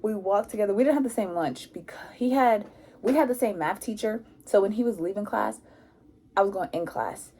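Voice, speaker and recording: A young woman telling a casual storytime about her school days, animated and acting out what people said. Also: mid-range voice, a little fast. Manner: animated, acts out quotes with lots of "like". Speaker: vlogger.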